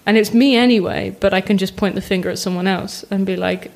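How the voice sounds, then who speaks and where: A young woman, a podcast guest chatting casually, self-mocking and animated, acting out what others say. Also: mid-range voice, brisk, gravelly. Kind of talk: casual chat.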